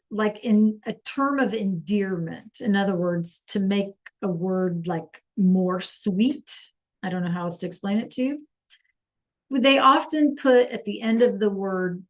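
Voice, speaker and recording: A woman teaching a live online language class, slowly sounding out words for students to repeat and encouraging them by name. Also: medium pitch. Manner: slow careful enunciation of words for students to repeat. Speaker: Spanish teacher.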